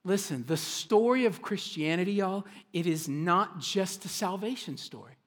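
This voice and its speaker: A man preaching a sermon as a pastor, swinging between hushed, intimate asides and loud, excited preaching. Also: high-pitched, moderate pace.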